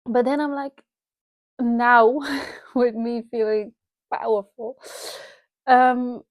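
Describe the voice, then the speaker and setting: A woman with a Dutch accent, her native tongue Dutch, talks through her thoughts in an unpolished vlog. Her voice sits slightly high, and she restarts and repeats herself as she reflects out loud. The sound is dry and close, as if from a clip-on mic. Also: flat delivery, slow, long pauses, dry recording. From Netherlands. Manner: candid, rambling, self-reflective with frequent restarts and laughs. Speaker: vlogger. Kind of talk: unscripted personal vlog. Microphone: wireless lapel mic.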